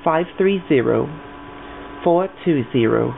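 A man's voice: a little high, lively intonation, takes it slowly, vocal fry, full character voice. Man doing a fussy lonely old woman. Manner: dramatic, fussy, oversharing. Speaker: prank caller. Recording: tinny phone line, faint hiss.

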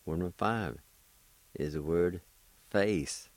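A man teaching vocabulary in a radio language lesson, spelling words out and repeating syllables with slow, deliberate care. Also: low-pitched, dry recording.

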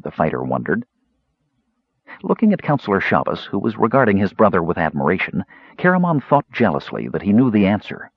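A man narrating a fantasy audiobook in an expressive storytelling manner. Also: low voice, fairly quick, creaky, breathy edge, dry recording, highs cut off.

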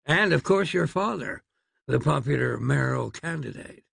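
Guy reading as prim old doctor, kinda raised voice, gravelly and husky, all polite and flustered. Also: medium pitch, expressive, normal speed, fairly bright tone, no room sound, studio quality, full character voice. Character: fussy, polite elderly male doctor.

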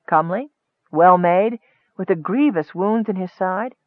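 A man voicing a sinister, frail male wizard who speaks softly with a hiss and a calm sneer. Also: high voice, measured pace, no echo. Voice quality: soft hissing voice. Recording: tinny phone-like dry sound.

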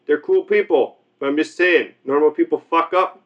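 A man's voice: fairly high pitch, moderate pace. A man in crude comedic banter, profane and rambling, slipping into silly voices.

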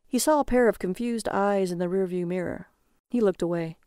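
A woman narrating a dark crime story in a steady storytelling manner. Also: mid-range voice, a little fast, clean tone, dry recording, studio quality. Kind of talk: audiobook reading.

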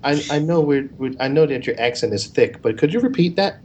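A man co-hosting a casual podcast, teasing his co-host with a mock-formal, pedantic, deadpan manner. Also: a little high, a little fast, lo-fi sound, slight background noise.

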